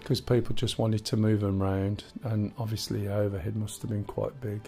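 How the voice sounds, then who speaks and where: A chatty man in his sixties runs a live game stream, his voice sitting a little low. He rambles and drops jokey asides as he plays. Faint music hums underneath. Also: little pitch movement, normal speed, gravelly, warm tone. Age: 60s. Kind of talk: casual gameplay chat.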